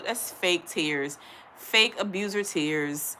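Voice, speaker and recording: A woman's voice: fairly low pitch, slow pace, sharp tone, slight background noise. A young woman from Ohio giving blunt, emphatic commentary while reading a news article aloud to her viewers, stumbling over the text now and then. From Ohio, USA. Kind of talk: casual commentary.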